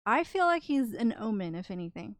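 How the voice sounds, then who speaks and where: Woman podcast co-host, animated and smooth, dry close sound, chatty storyteller. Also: fairly high pitch, fairly quick, no echo. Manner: storytelling with lots of fillers. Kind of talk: casual chat.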